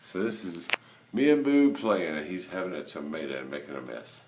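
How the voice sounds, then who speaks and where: A man's voice: sits low, sing-song, fairly quick, darkish tone. A man talking to his pet monkey in its room, coaxing and praising it with frequent chuckles. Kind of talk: casual talk to a pet. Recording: echoey room, faint noise.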